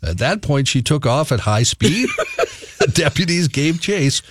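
A man hosts a radio show, reading news items and tossing teasing, matter-of-fact asides. His pitch moves lively through the lines. The sound is dry and close to the mic. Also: measured pace, husky, no room sound.

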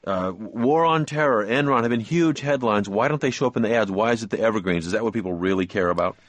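Low-voiced male radio host. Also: quick pace, no echo. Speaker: radio talk show host. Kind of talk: conversational radio interview.

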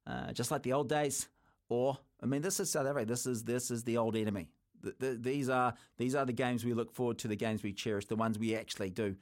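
Chatty kiwi guy hosting sports radio, mid-pitch voice, lively banter. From New Zealand. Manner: chatty, animated, teasing co-host. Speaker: radio sports show host. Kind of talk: casual sports radio chat.

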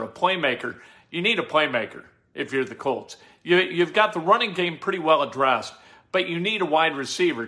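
A middle-aged man talks sports in a casual, opinionated monologue. He fires off rhetorical questions and restarts his sentences often. His voice sits a little high, with a bright, forceful edge. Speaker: sports radio host.

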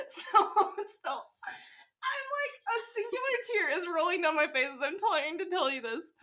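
High, bright young woman telling stories. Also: measured pace. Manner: animated storyteller, laughs often. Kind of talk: casual chat.

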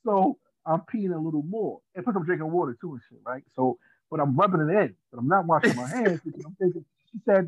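Animated storytelling man, phone-like sound. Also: fairly high pitch, fast talker, slightly rough, no room sound. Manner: animated, laughing storyteller with street slang. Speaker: podcast guest. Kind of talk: casual storytelling. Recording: dry tinny phone-like sound.

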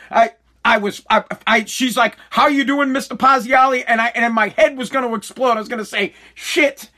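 A middle-aged man hosting a podcast, delivering an animated, mock-pompous comedic rant full of swearing. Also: very high voice. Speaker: podcast host.

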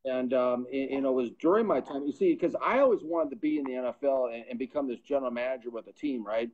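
A man's voice: mid-range voice, fast, a little mellow. Earnest man telling his story, lo-fi. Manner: earnest, repeats words as he builds momentum. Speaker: podcast guest, pro football scout. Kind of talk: personal testimony storytelling. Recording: dull lo-fi sound.

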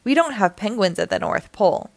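A woman's voice: mid-range voice, very animated, fairly quick, no room sound. A kindly, cheerful old Santa who speaks with a smile and patiently shows children the world, as a woman reader puts him on. His lines rise and fall with plenty of life. The recording is dry and close. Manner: warm, smiling, gently explaining.

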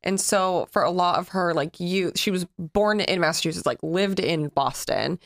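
A woman's voice: lowish voice, normal speed, creaky, dry recording, studio quality. A woman co-hosting a casual podcast, chatty and gossipy, swearing now and then. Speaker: podcast co-host. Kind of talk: casual chat.

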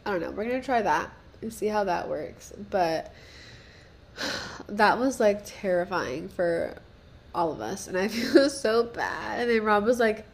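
A woman's voice: medium pitch, sing-song, measured pace, creaky. Young woman, casual solo podcast, rambling, profane, self-deprecating, nervous laughs. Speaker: podcast host.

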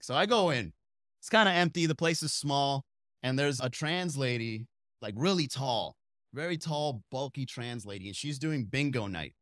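Rambling, slightly high-voiced comedian man. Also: lively intonation, moderate pace, a bit bright, dry recording, clean studio sound. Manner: rambling, digressive storytelling with asides. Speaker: stand-up comedian and podcast host. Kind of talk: comedic monologue.

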